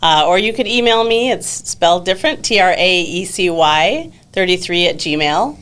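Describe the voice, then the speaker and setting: A woman's voice: lowish voice, moderate pace, smooth. Chatty woman guest on a podcast. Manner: relaxed, chatty, many fillers. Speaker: exchange student coordinator. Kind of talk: casual podcast interview.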